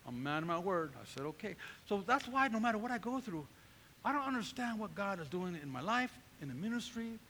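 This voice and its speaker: A middle-aged man from Northern California, a pastor preaching a sermon testimony and acting out his own past conversations in an animated storytelling manner. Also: high-pitched, brisk, a little hiss or hum. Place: church hall. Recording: long reverb of a church hall.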